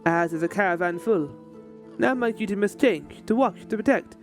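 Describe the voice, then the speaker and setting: A man voicing a gruff, dutiful flea strongman who speaks in clipped, broken phrases. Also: sits high, moderate pace, soft background music. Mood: solemn.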